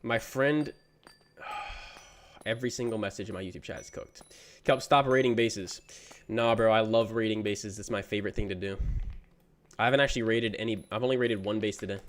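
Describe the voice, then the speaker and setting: With a lowish voice, fairly even intonation and a fairly quick pace, this young streamer chats casually during a gaming livestream. He reads chat messages aloud and replies in a relaxed, slangy way, leaning on "bro" a lot.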